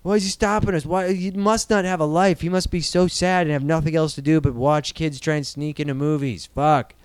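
A man in his thirties from Iowa holds forth on movies with heated, profane energy. His voice sits a bit high and comes through smooth and resonant. The sound is dry, with no room around it. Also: brisk, no echo. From Iowa, USA. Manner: animated, ranting, swears a lot. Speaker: podcast host. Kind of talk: casual profane movie-news chat.

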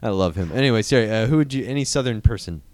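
A man's voice: on the low side, animated, fast, a little mellow, no echo. A man co-hosting a podcast in casual banter, joking and swearing as he rambles through hypotheticals. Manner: profane, joking, trails off into mock inner voices. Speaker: podcast co-host.

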